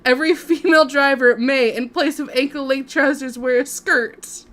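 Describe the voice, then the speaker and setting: A woman's voice: high-pitched, fairly even intonation, normal speed, a bit bright. A woman hosting a casual podcast, reading out odd laws and laughing along. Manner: reads out lists, laughing. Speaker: podcast host. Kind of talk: casual chat.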